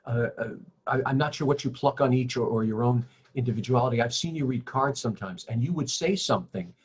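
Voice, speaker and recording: A man's voice: medium pitch, a little fast, breathy edge. A man hosting an interview, asking his guest questions and often restarting and repeating words as he goes. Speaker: interview host.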